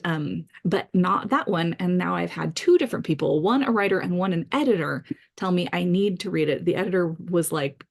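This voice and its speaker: A middle-aged woman talks casually and eagerly about the books she means to read, gushing over favorites. Her voice sits somewhat low for a woman. She pauses often with little fillers as she goes. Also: vocal fry. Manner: enthusiastic, chatty with frequent fillers. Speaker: author vlogger. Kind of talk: casual book-list vlog.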